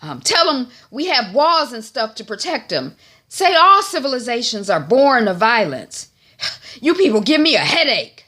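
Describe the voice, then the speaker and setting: A woman voicing a stern, dismissive old man in a loud, raised voice while recapping a show. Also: a little high, very animated, measured pace, voice pushed up, exaggerated voice. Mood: scornful.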